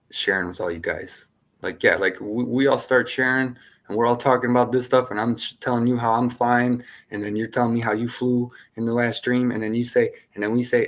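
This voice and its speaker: Man, spiritual session host; loose, playful, wandering delivery with frequent laughs. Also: mid-range voice. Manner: playful, laughs often, jumps between topics. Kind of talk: casual rambling spiritual talk.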